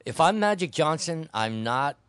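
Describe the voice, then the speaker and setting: A man's voice: on the high side, sing-song, normal speed, a bit bright, clean tone, no room sound. A man hosting a casual sports and politics podcast, blunt and opinionated, restarting his sentences as he talks. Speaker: podcast host.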